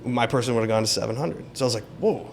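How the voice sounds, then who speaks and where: A man's voice: medium pitch, fast talker, slight background noise. A man being interviewed as a realtor, telling a story in casual talk and acting out the quoted lines. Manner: animated, acts out quoted dialogue. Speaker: realtor guest.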